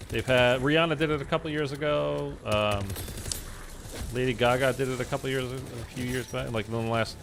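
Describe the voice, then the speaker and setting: A man's voice: mid-range voice, steady tone, a little fast, vocal fry, fairly bright tone, slight background noise. Male streamer, casual and rambling, mid-range voice, light game gunfire in the background. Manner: rambling, filler-heavy talk. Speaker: live streamer. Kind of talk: casual chat while gaming.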